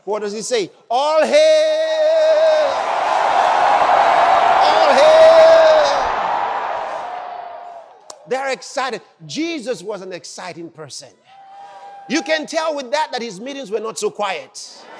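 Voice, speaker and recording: A man preaching a sermon, exuberant and shouting out his exclamations. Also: sits high, very animated, moderate pace, over a noisy crowd, heavy background noise. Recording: long hall reverb.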